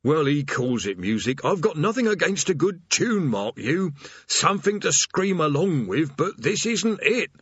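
Guy doing a raspy fed-up hell demon, grumbly and mournful, slow and husky. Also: on the high side, very animated, fairly bright tone, no room sound, highs cut off, voice pushed up, heavily acted. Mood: mournful grumbling. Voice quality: rasping. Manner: mournful, reciting a customer-service script through gritted teeth. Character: weary male demon doorkeeper of hell, put-upon, grumbling.

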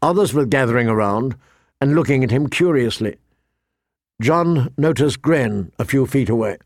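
A man narrates a fantasy audiobook at a steady, measured pace. His voice sits at medium pitch, and the studio recording is clean with no room sound.

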